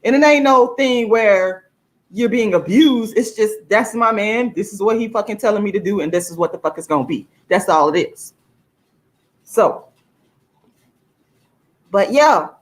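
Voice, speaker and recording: A woman's voice: normal speed, pauses often. Emphatic, profane woman vlogger. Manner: emphatic and profane, with laughs between points; pitch swings widely, often jumping high for emphasis. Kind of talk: casual to-camera monologue.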